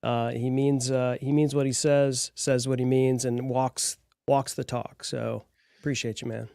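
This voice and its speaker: A man's voice: medium pitch, little pitch movement, measured pace, vocal fry, mellow, smooth, dry recording, studio quality. A man hosting a live podcast, talking in an upbeat, encouraging way. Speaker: podcast host.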